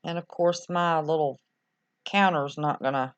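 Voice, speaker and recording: A woman's voice: low-pitched, fairly even intonation, unhurried. A woman hosts a casual livestream, rambling and reacting aloud to viewer comments. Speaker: livestream host reading viewer chat. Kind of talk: casual live-stream chat. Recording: slightly dull lo-fi sound.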